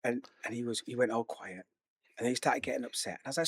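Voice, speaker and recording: A man's voice: medium pitch, fast talker, breathy edge, dry recording, clean studio sound. A middle-aged man, co-hosting a casual podcast chat and thinking aloud about parenting while acting out conversations. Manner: reflective, acts out dialogue in anecdotes. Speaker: podcast co-host.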